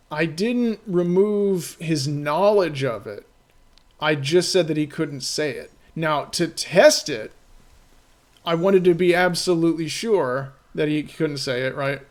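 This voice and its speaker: A man with a fairly high voice talks on a live stream about the game he is making. He rambles, loses his thread and restarts, and leans on "you know" and "right?" to keep the chat with him. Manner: rambling, filler-heavy, keeps checking in with "right?".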